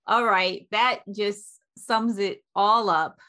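A woman's voice: medium pitch, fairly even intonation, slow pace, bright, forceful tone. A woman hosting an interview, asking questions and summing up with emphatic affirmations. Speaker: podcast host.

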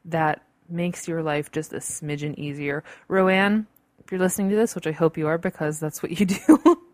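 A bubbly woman hosting her own solo podcast, talking in a fairly low voice with lots of playful asides. The sound is dry and close, recorded at home with no room echo. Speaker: podcast host. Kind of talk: casual solo podcast talk. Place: home in a large city. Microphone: computer-recorded podcast mic.

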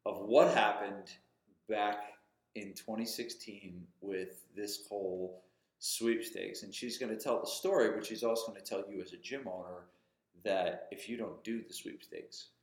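Low voiced guy hosting a podcast, jokey, prompts his guest, echoey room. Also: fairly even intonation, unhurried. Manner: joking, prompting. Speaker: podcast host. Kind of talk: casual interview chat. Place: audio-only podcast recording.

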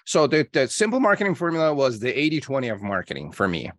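A man being interviewed on a podcast as a marketing coach, explaining his ideas with lively quoted examples. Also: mid-range voice, quick pace, no echo, clean studio sound. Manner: energetic storyteller acting out calls in quotes.

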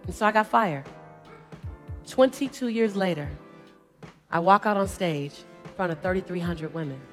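A woman's voice: fairly low pitch, normal speed, soft background music. A middle-aged woman giving a live motivational speech on stage, talking emphatically in a rhythmic, repeating cadence and calling for replies from a large audience. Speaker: motivational speaker.

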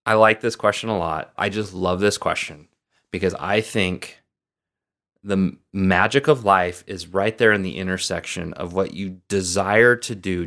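Guy with a lowish voice doing a motivational podcast, earnest and pumped, coach talking to listeners. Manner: earnest, encouraging, lively emphasis.

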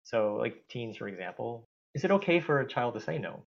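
A man's voice: mid-range voice, sing-song, a little fast, gravelly. A man interviewing a guest, asking questions hesitantly with fillers and restarts. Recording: dull lo-fi sound.

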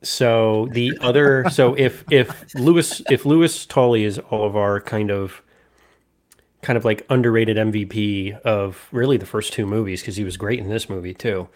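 Give me a man with a somewhat low voice casually co-hosting a film talk show. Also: fairly even intonation, moderate pace, darkish tone. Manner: chatty, laughs often, acts out quotes. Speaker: podcast co-host. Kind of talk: casual movie discussion.

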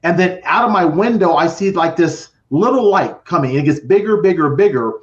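A man's voice: sits high, expressive, fairly quick. A middle-aged man telling his personal story with drama as a podcast guest, acting out voices and counting down. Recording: roomy, dull lo-fi sound.

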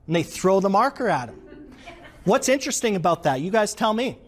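A man giving an interactive leadership workshop to a live audience, animated and quizzing the room. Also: high-pitched, fairly quick. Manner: animated, asks the audience questions.

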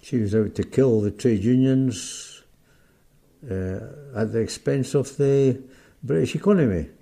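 A man's voice: mid-range voice, measured pace, vocal fry, warm tone. An older man with a Scottish accent, a guest in an interview, speaking plainly and bluntly. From Scotland. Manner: blunt, plain-spoken, unsmiling. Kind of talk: casual interview.

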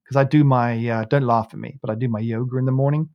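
On a muffled recording without echo, a coffee podcast host with a medium-pitched voice talks fast with hardly any pauses. His long anecdote rambles loosely, full of restarts and his own laughter, in a casual storytelling chat.

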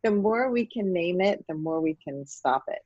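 A woman's voice: lowish voice, expressive, moderate pace, a little mellow, no echo. A middle-aged woman host and coach, chatting and laughing easily in a casual interview. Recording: dull lo-fi audio.

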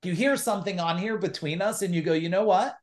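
A middle-aged man, a business coach, telling stories in a podcast interview with an animated, emphatic delivery and acted-out quotes. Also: high voice, quick pace.

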